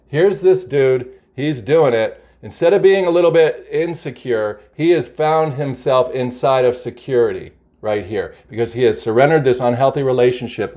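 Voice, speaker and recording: A man's voice: medium pitch, darkish tone. Enthusiastic man doing a spiritual card reading. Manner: enthusiastic, exclamatory, repeats phrases. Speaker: spiritual vlogger reading oracle cards. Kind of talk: casual spiritual talk to camera. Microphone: camera mic.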